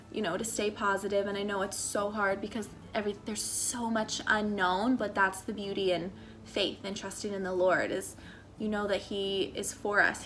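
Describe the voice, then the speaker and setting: A woman's voice: mid-range voice, pushed and bright. A young American woman from Maryland, vlogging in a chatty, earnest, encouraging way with lots of fillers. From United States (Maryland). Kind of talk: casual faith-and-lifestyle vlog talk.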